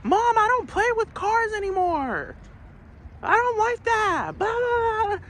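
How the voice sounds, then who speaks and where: A man's voice: sing-song, fairly bright tone, heavily acted. A man voicing a whining ten-year-old boy tattling to his mom. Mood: whiny. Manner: high whining complaint, drawn-out.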